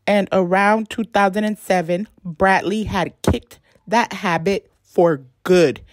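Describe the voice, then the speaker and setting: A woman's voice: mid-range voice, takes it slowly, no room sound, clean studio sound. A woman narrating a celebrity life story in a chatty video style, with casual asides to her viewers. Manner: chatty asides, self-conscious about censored words. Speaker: YouTube narrator.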